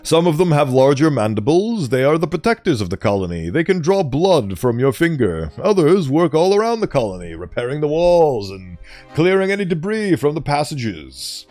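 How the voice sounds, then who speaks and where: A man's voice: on the high side, sing-song, normal speed, darkish tone, faint music behind. A man streaming a game, chatting playfully and telling a theatrical story. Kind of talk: casual game commentary.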